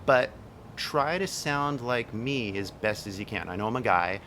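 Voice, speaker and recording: A man's voice: medium pitch, lively intonation, normal speed, sharp tone, slight background noise. A young man coaching an actress on her accent, talking loosely with lots of "like" and "right?" and the odd swear word. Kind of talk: casual one-on-one coaching.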